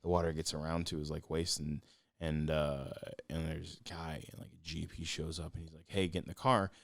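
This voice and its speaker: A young man with a low, deep voice talks in an excitable, rambling way as a podcast co-host. The sound is dry and close, with no room echo. He tells stories with lots of restarts. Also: moderate pace, creaky. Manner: excitable, storytelling, jumps into voices. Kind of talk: casual chat.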